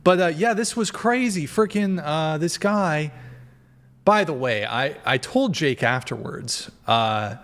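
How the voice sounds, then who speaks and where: A man's voice: fairly high pitch, expressive, takes it slowly, a bit bright. A man hosting a podcast, chatting casually and rambling with many fillers while reacting to a clip. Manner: rambling, filler-heavy, restarts. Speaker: podcast host.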